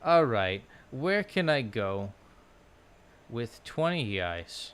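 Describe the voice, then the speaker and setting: A man's voice: medium pitch, big pitch swings, drawn-out words, a bit bright, slight background noise. Rambling man musing on a couch. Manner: musing, loose, full of "like" and restarts. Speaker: language-learning vlogger. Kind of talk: casual rambling chat. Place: at home on a low couch. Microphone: laptop microphone.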